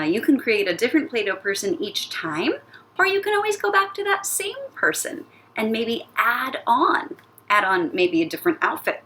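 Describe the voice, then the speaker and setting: Animated, sing-song woman teaching children. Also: medium pitch, a little hiss or hum. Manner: animated, sing-song, playful sound effects. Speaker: elementary music teacher. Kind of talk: recorded lesson for young children.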